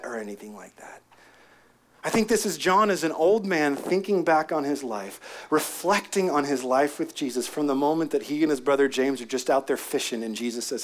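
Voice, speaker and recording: A man preaching a sermon, swinging from loud emphatic peaks down to hushed near-whispers. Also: fairly high pitch, expressive, a little fast. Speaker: pastor. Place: outdoor gathering with a prayer tent.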